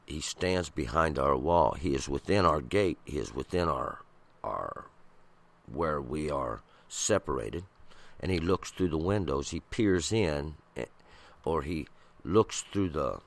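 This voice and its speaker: A man with a very deep, gravelly voice reads scripture and then explains it. His delivery is slow and halting, with frequent pauses and restarts. The voice sounds husky rather than clear. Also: fairly bright tone. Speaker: Bible commentator. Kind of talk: scripture reading with commentary.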